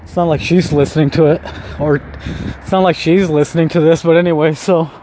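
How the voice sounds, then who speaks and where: A young male vlogger walks along a city street, talking casually in a fairly high, warm voice with fairly even intonation and a fairly quick pace. He rambles, mocks himself, swears often, and laughs at himself, with faint street noise in the background.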